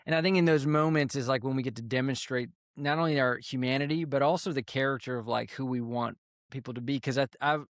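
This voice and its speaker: A man, an army veteran guest on a podcast, calmly telling a story in a relaxed, unhurried way. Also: medium pitch, no room sound, clean studio sound. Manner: calm, unhurried storyteller with fillers. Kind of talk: casual storytelling interview.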